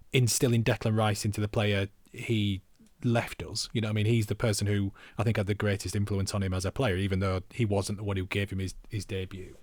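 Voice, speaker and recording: A man's voice: lowish voice, a little mellow, no room sound. A man co-hosting a football podcast, chatting casually and rambling with self-mocking asides. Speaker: podcast co-host.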